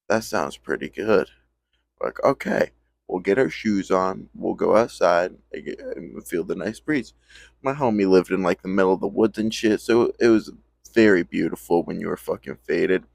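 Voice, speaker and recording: A man's voice: low voice, expressive, measured pace, creaky, darkish tone, no room sound. Laid-back young man telling a story. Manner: slangy, profane, laid-back storytelling with quoted friends. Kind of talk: casual storytime.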